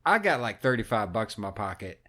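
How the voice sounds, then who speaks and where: A man telling a story on a podcast, animated and swearing constantly in casual chat. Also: on the low side, a little fast. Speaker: podcast co-host.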